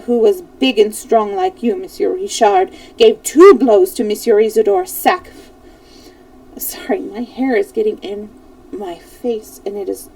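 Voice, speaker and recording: A woman reading a classic novel aloud as a storyteller on a live stream, expressive, stumbling now and then over names. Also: on the high side, vocal fry, no echo, recorded from a distance, low-quality recording.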